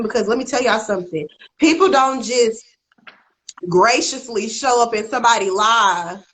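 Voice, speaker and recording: A woman's voice: medium pitch, fairly bright tone, slight background noise, poor audio. A woman hosting a live stream, hyped and chatty, talking straight to her viewers. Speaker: host.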